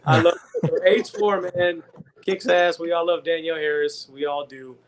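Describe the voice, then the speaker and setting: Fairly high-voiced man, casual and loose. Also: normal speed, slight background noise. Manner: loose, swearing, enthusiastic. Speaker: podcast co-host. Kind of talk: casual chat.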